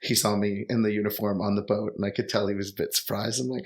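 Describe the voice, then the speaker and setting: A young Canadian man telling travel stories in relaxed, rambling conversation, full of fillers. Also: fairly low pitch, quick pace. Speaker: guest. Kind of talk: casual storytelling conversation.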